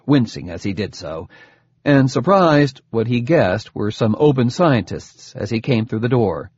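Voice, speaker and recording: A man reading a novel aloud as an audiobook narrator, with expressive storytelling and dry humor. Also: mid-range voice, breathy edge, dry recording. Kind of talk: scripted narration. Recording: dull lo-fi, dry close recording.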